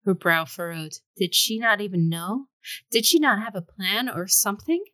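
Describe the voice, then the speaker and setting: A woman's voice: mid-range voice, expressive, moderate pace, pushed and bright, no room sound, low-quality recording. A woman reading a fantasy story aloud with dramatic storytelling. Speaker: audiobook reader. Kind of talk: scripted fantasy narration.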